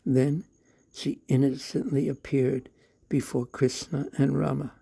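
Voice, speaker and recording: A man narrating a devotional story in a slow, measured, devout manner. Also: mid-range voice, flat delivery, creaky, mellow, slightly rough.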